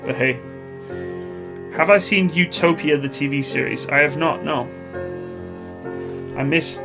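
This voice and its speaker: A Canadian man, likely in his thirties, hosting a live stream, reading viewer questions and answering in a relaxed, rambling way with many pauses. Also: a little high, music in the background. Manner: relaxed, chatty, hesitant with many uhs.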